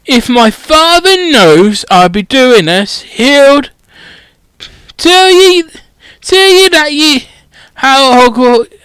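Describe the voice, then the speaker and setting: A man voicing a gruff, foul-mouthed groundskeeper who swears constantly and rambles bluntly. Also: very high-pitched, expressive, takes it slowly, fairly bright tone, no echo, voice pushed up, full character voice. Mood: fierce.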